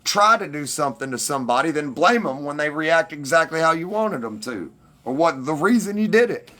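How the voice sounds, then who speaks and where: A man's voice: fairly high pitch, expressive, fairly quick, pushed and bright. A man ranting defensively and with heavy profanity at his livestream commenters.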